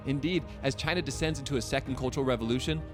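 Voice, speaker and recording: A man's voice: mid-range voice, rapid-fire, over music. A man in his late twenties giving a wry, sarcastic scripted narration as a video host. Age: late 20s.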